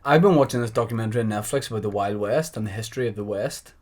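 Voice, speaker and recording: A man's voice: lowish voice, very fast, darkish tone. A man co-hosting a comedy podcast, teasing his partner and often laughing. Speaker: podcast co-host. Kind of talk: casual comedic chat.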